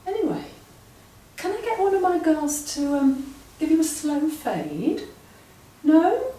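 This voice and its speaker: A woman plays a gossiping, matchmaking mother minding her shop in a homemade panto radio play. Her mellow voice swoops dramatically and unhurriedly, gushing as she goes. She sounds distant, in a roomy, echoey space. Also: high-pitched, sing-song, slow pace, full character voice. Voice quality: fluttery, gushing, self-deceiving chatter. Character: fussy gossiping middle-aged shopkeeper mother, matchmaking. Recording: roomy home recording, voice off-mic.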